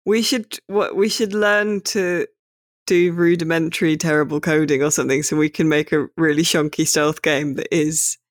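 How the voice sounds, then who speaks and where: A man's voice: fairly high pitch, fairly even intonation, normal speed, dry recording, studio quality. A man hosting a podcast in casual chat, rambling and hesitant with many fillers. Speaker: podcast host.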